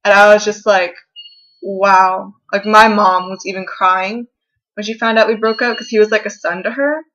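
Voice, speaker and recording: A young woman in her bedroom, talking into her camera in a halting, rambling confessional vlog, upset and close to tears. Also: medium pitch, steady tone, fairly bright tone, lo-fi sound. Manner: rambling, halting, with many fillers and restarts. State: tearful, upset. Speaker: vlogger.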